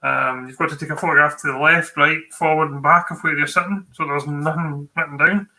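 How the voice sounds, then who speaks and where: A man's voice: a little high, steady tone, a little fast, sharp tone, poor audio. A Scottish man co-hosting a tech livestream, giving exam tips in a chatty, informal way with many fillers and restarts.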